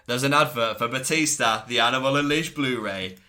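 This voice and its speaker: A man's voice: medium pitch, fairly quick, sharp tone. A man co-hosting a podcast, recapping in casual chat, enthusiastic and laughing often. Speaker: podcast co-host.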